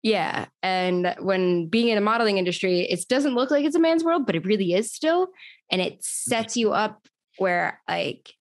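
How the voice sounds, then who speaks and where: A woman's voice: mid-range voice, lively intonation, normal speed, no echo. A young adult woman from New York, telling her story casually in an interview, with a lot of "like" fillers. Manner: chatty, frequent "like" fillers. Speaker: podcast host and guest.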